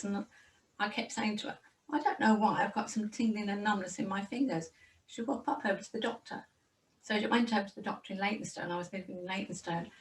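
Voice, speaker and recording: A woman's voice: medium pitch, distant mic, poor audio. An older woman with a Birmingham accent, telling her life story as an interview guest in a chatty way, often repeating words. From Birmingham, England. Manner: chatty, lively, repeats words as she goes.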